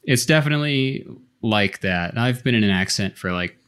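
A man's voice: fairly low pitch, lively intonation, moderate pace, a bit bright, smooth. A man co-hosting a podcast, explaining things at length in casual conversation with frequent restarts. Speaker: podcast co-host. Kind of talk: casual chat.

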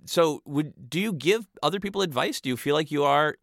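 A man's voice: a little high, animated, a little fast, gravelly, a bit bright, dry recording. A man hosting a podcast in a recording studio, asking playful, curious questions and laughing easily. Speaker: podcast host. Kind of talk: conversational interview.

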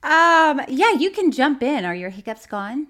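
A female podcast co-host casually recaps a crime documentary in a sing-song, unhurried, slightly bright voice. She's teasing and playful, laughs often, and drops to a low mutter for asides.

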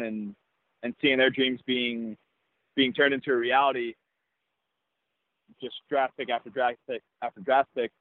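A young adult man, a baseball player, telling a personal story in an interview in an earnest, reflective way with halting restarts. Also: medium pitch, no echo. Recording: tinny phone-like, dry sound.

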